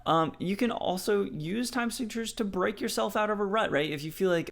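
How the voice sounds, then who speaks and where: A man's voice: sits high, brisk, vocal fry, few pauses, fairly bright tone. A man teaching a songwriting lesson, explaining time signatures in a friendly way and counting beats aloud. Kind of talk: music theory lesson.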